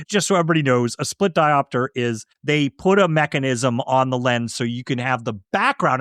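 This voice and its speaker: Lively explaining man, dry close mic. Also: a little high, no room sound. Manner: explanatory, laughs often. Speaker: podcast co-host. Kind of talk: casual chat.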